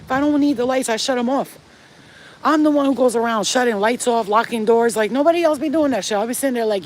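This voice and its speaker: A woman's voice: sits high, fairly quick, a little mellow, slight background noise, low-quality recording. A woman vlogger ranting casually and bluntly at home, swearing freely and getting heated about bills and neighbors. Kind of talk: casual rant to camera. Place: rented house, indoors.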